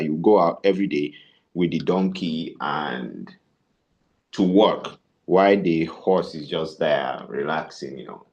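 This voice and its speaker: A man leads a tech sales bootcamp lecture, animatedly telling stories and posing rhetorical questions as he teaches. His voice sits low, and the sound is lo-fi.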